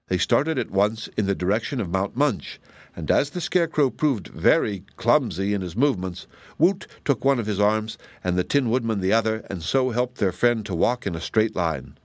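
A man reading a children's storybook aloud as a calm, measured audiobook narrator. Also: lowish voice, no room sound. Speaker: audiobook reader.

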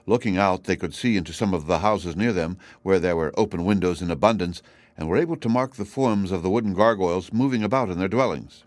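A man narrating a storybook in a steady, even reading manner. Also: low-pitched, fairly quick, no room sound. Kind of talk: scripted narration.

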